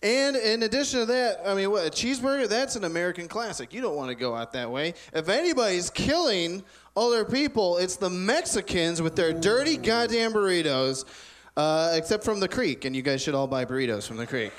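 A man's voice: high voice, very animated, brisk. A man ranting bombastically in a comic mock debate, playing it mock-serious. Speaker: debater in a comedy show.

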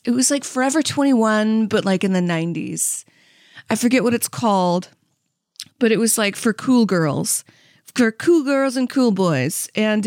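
A woman's voice: mid-range voice, no room sound, studio quality. Chatty woman rambling through funny stories. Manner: rambling storyteller, frequent laughs and fillers. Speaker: comedy podcast co-host. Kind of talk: casual rambling chat. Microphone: close studio mic.

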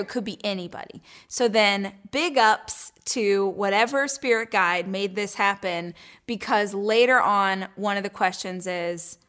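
A woman in her thirties talking casually as the host of her own show. She tells stories in a chatty, animated way, full of quick asides and bursts of laughter. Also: medium pitch. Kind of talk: casual chat.

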